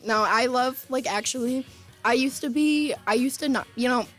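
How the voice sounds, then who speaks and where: A woman's voice: sits high, moderate pace, fairly bright tone, soft background music. A woman in her twenties co-hosting a student radio show, telling rambling personal stories full of "like.". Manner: rambling, lots of "like", laid-back. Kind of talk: casual on-air storytelling. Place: college radio studio.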